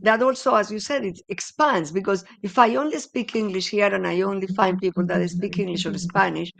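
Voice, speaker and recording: A woman's voice: mid-range voice, a little fast, creaky, fairly bright tone. A woman interviewer in a casual chat who supports and agrees with her guest.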